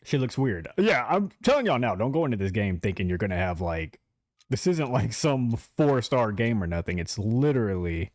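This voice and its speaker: Male streamer, lively chatty delivery, talks to chat, dry close sound. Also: fairly low pitch, moderate pace, no room sound. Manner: chatty, talks straight to chat, laughs easily. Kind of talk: casual live-stream chat.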